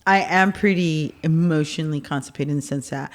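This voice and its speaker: A woman's voice: low-pitched, brisk. A woman in her forties co-hosts a casual podcast chat. She talks in a blunt, teasing way and curses freely. She often breaks into laughter partway through a sentence. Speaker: podcast co-host, mother.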